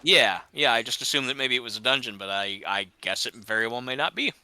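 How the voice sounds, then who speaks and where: A man's voice: mid-range voice, a little fast, pushed and bright, no echo. A man chatting casually and rambling while playing a game, laughing at himself often. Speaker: gamer. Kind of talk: casual gaming chat.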